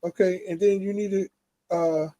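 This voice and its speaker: A man's voice: high voice, steady tone, moderate pace, mellow, no echo. A man instructing a class in casual chat, talking others through technical steps and repeating himself.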